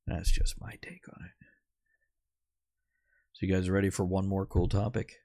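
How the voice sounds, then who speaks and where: A man's voice: low-pitched, flat delivery, moderate pace, creaky, dark tone, no echo, studio quality. A man hosting a podcast in casual, rambling chat who swears now and then. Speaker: podcast host.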